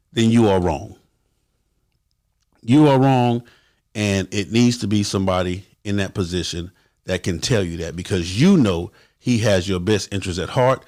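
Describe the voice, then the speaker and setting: A man's voice: medium pitch, lively intonation, brisk. A man hosting a livestream for his motorcycle club, giving blunt, profane advice to viewers and acting out quotes in a raised voice.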